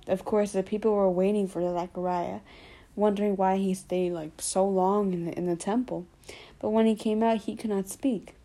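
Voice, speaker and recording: A woman's voice: medium pitch, warm tone. A woman casually retelling a Bible story in her own words, full of informal fillers. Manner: informal, with frequent "basically", "like" and "you know". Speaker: Bible study presenter.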